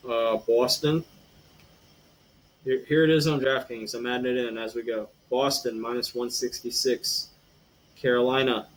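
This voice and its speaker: A man's voice: mid-range voice, fairly even intonation, a little slow, rough recording. A man hosting a casual sports podcast, rambling through betting picks with lots of ums and a habit of tagging "eh" onto his sentences. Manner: rambling, filler-heavy, says "eh".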